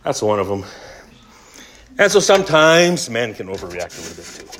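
A man's voice: lowish voice, big pitch swings, moderate pace, fairly bright tone, a little hiss or hum. A Canadian man telling a funny story in a casual sermon, with self-mocking humor. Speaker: preacher.

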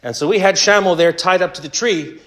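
A man's voice: high-pitched, a little fast, fairly bright tone. A Canadian man telling a funny story in a casual sermon, with self-mocking humor. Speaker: preacher.

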